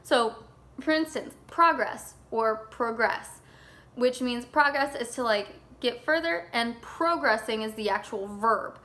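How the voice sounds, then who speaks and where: A young woman teaching a recorded class lesson, her voice sitting a little high. She talks in a loose, casual way with plenty of "um"s and "like"s, and slows right down whenever she spells out a word. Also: a bit bright. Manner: casual, filler-heavy, slows to spell things out.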